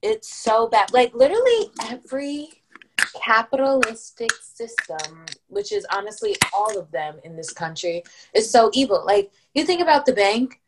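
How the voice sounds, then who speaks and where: A woman's voice: fairly high pitch, big pitch swings, moderate pace, noisy background. A young woman in her twenties co-hosting a podcast in casual chat, teasing her partner and ranting with profanity. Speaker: podcast co-host.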